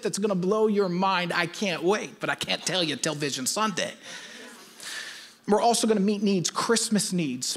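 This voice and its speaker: Emphatic pastor preaching a sermon. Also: male voice, sits high, a bit bright. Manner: emphatic, teaching, repeats key points.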